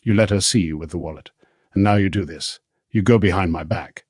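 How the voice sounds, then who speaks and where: Hurt, accusing young woman, read by a man in a low, dry storybook voice. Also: brisk, a little mellow, slightly rough, no room sound. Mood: furious.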